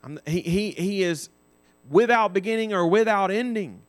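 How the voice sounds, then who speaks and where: A man's voice: high voice, normal speed. A man teaching a Sunday school class, explaining Bible verses with frequent restarts and self-corrections.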